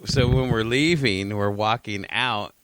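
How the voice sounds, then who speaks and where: Lowish-voiced man rambling through a story. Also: measured pace, fairly bright tone, dry recording. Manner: rambling storyteller, swears freely, laughs often. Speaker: podcast co-host. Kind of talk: casual chat.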